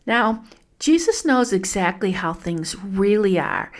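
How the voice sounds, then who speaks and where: A woman hosts a devotional podcast, talking to her listeners as friends. She speaks slowly and thoughtfully at a moderate pitch, with a gentle, musing manner. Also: animated. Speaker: podcast host.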